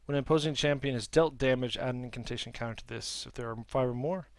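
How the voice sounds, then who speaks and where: Gravelly man muttering through a game. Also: mid-range voice, fast, no room sound. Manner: muttering, reading cards aloud. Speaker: game streamer. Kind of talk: casual gameplay commentary.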